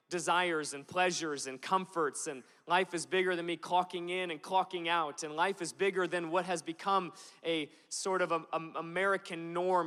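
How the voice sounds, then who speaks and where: A man from Alaska preaching a passionate sermon in a church, moving from slow, weighty lines to animated storytelling. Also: high voice, smooth. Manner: passionate, builds from slow emphatic lines to loud animated retelling. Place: church auditorium. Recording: long hall reverb.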